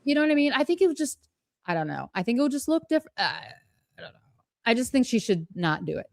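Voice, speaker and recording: A woman's voice: fairly high pitch, very animated, fast talker, vocal fry, darkish tone, no echo, clean studio sound. A woman co-hosting a live fan stream, gushing and chatty, laughing often between points. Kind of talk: casual live-stream chat.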